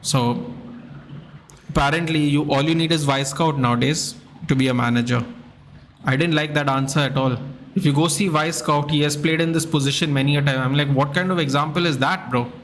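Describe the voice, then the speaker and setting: A man's voice: a little high, brisk, slight background noise. A man streaming a live football watchalong, chatting casually and reading out viewer comments. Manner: chatty, reads out viewer comments, excitable at goals.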